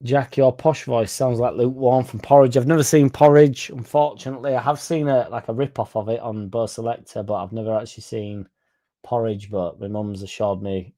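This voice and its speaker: Reading viewers' comments on his fan stream, a young man from England keeps the chat casual and full of swearing. He speaks a little fast, in a mid-range, steady voice with a dark tone.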